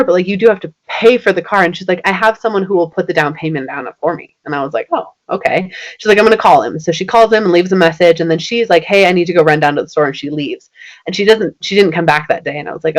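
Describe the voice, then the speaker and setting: A woman in her thirties, a podcast guest, telling a personal story in casual, chatty speech full of "like" and acting out the lines of people in it. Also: lowish voice. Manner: chatty, many "like" fillers, acts out quoted dialogue.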